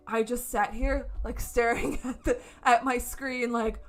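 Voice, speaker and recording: A woman's voice: a little high, measured pace, hardly any pauses. A woman streaming from home, reviewing a concert in a casual, gushing way and swearing freely. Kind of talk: casual excited review chat. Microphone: camera setup at home.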